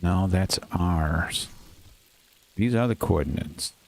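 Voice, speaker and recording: A man commentating casually over his own gameplay, muttering to himself and quick to get frustrated and swear. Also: low-pitched, gravelly. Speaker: gaming channel host.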